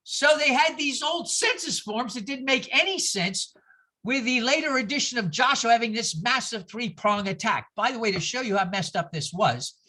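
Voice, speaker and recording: A woman giving a lively, sarcastic talk, acting out voices with exaggerated outbursts as she teaches. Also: fairly high pitch, normal speed. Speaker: speaker giving a talk on scripture. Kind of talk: lively lecture.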